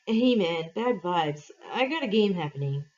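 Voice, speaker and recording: A woman's voice: lowish voice, lively intonation, normal speed, a little mellow, recorded from a distance, natural voice. A woman voicing a laid-back, bored teenage boy gamer from the seventies, in a dull lo-fi recording.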